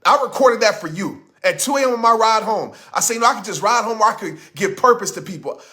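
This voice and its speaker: Forceful, high-voiced motivational speaker man. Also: lively intonation, fast talker. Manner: emphatic, preachy, repeats lines for effect. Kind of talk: motivational speech. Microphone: studio microphone.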